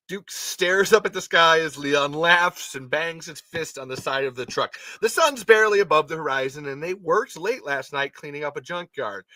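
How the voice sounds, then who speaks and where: A man's voice: fairly high pitch, bright, forceful tone, no echo. A man hosting a podcast, reading a story aloud with casual, rambling asides and frequent self-corrections. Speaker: podcast host.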